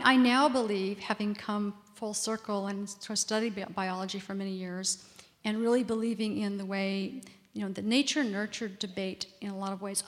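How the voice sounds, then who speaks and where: A woman answering audience questions at a public talk, explaining at length with fillers. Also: medium pitch. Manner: explanatory, long-winded, fluent with fillers. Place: community center hall. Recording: reverberant hall.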